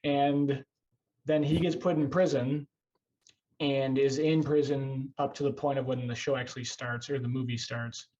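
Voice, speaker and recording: A man's voice: medium pitch, little pitch movement, moderate pace, a little mellow, dull audio. A man hosting a casual podcast over a video call, rambling and self-deprecating, swearing now and then. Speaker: podcast host.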